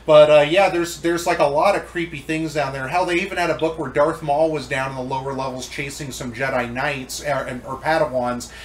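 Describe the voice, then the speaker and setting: Male podcast host, a bit high, echoey room, rambling fan talk. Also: steady tone, brisk, hardly any pauses, slight background noise. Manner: rambling, enthusiastic geeky tangents. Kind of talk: casual chat.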